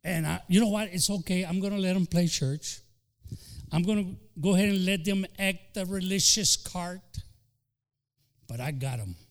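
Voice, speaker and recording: A man preaching a sermon as pastor, swinging between loud declarations and hushed lines, and acting out quoted voices. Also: high voice, moderate pace. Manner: fervent preaching with sudden shifts from loud to soft; acts out quoted voices, including the devil. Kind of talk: bilingual sermon.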